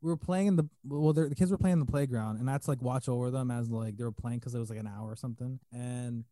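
A man's voice: mid-range voice, steady tone, quick pace, dark tone, dry recording. A man co-hosting a casual podcast, telling a long story with lots of fillers and restarts. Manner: rambling, many fillers and restarts. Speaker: podcast co-host.

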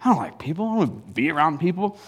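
Male pastor, high voice, relaxed teasing sermon delivery, lots of fillers. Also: racing, slightly rough. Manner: casual and teasing, many fillers and restarts, chuckling asides. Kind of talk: conversational sermon.

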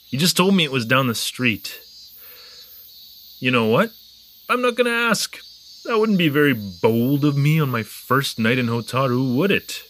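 A man narrates an audio drama as a young male newcomer from Canada recording a spoken diary, a character who is chatty and curious. He speaks naturally in a mid-range voice at a moderate pace, in a musing mood, with a slight hiss or hum on the audio. His delivery is lively and playful, full of tangents.

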